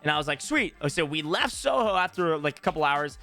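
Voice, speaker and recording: A man's voice: on the high side, fast talker, soft background music. A young man from Tennessee casually telling a long story to his channel, acting out what people said. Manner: animated, acts out quoted voices. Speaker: YouTuber.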